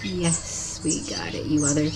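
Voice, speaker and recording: Woman, lowish voice, chatty outdoor vlog commentary, coaxing tone, loud background noise, birds chirping. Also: steady tone, unhurried. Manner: chatty, coaxing, calls everyone honey. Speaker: vlogger filming the sky. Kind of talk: casual running commentary while filming. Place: outdoors by her house with birds around. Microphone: camera mic.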